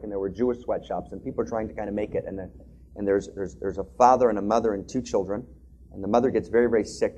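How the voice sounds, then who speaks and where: A man giving an impassioned talk with a story, animated, often asking "right?" and restarting phrases. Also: medium pitch, breathy edge. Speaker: speaker in an interfaith dialogue.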